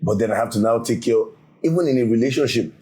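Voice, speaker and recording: A man's voice: mid-range voice, animated, fast talker, dark tone. A man chatting candidly on a panel, joking and laughing between lines. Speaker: panel cast member. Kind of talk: casual panel chat.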